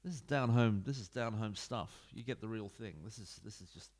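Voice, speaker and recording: A man's voice: fairly low pitch, a little fast, a little mellow. Chatty man rambling over a football game. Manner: chatty, rambling, self-deprecating asides. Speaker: gaming YouTuber. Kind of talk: casual let's-play commentary. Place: home room. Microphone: desk mic into computer.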